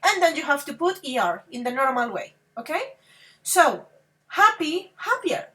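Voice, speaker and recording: High, bright-voiced teacher. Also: female voice, very animated. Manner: affectionate, calls students babies and dears; repeats okay and halting restarts. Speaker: English teacher. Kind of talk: grammar lesson to students.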